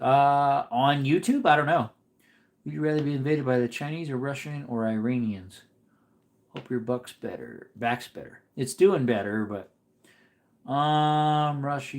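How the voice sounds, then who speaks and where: A man's voice: medium pitch, darkish tone. Laid-back man streaming in an echoey room. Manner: laid-back, chatty, answers viewer comments. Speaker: livestream host reading chat. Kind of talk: casual live-stream chat. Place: at home.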